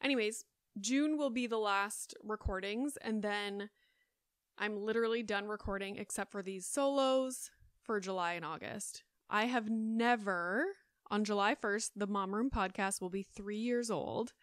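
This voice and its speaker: A woman's voice: medium pitch, a little slow, smooth, no room sound. A woman in her thirties hosting a solo podcast, chatting in a rambling way with lots of fillers, close on the mic. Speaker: podcast host. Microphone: close studio mic.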